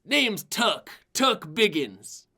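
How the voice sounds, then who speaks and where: A man playing a retired, big-bellied adventurer in his late forties who talks gruff, folksy and boastful. His voice sits raised and pushed louder, like a tabletop-game veteran showing off. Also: high voice, sing-song, drawn-out words, voice pushed up, full character voice. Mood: amused.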